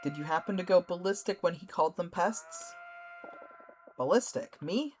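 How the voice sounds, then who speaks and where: A man's voice: high-pitched, steady tone, a little fast, slight background noise, pitched above the performer's own voice, close to an everyday voice. A man voicing a skeletal character in a game who theatrically complains about his unjust imprisonment. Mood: indignant. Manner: theatrical, indignant. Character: skeletal male animal-lover, indignant and dramatic.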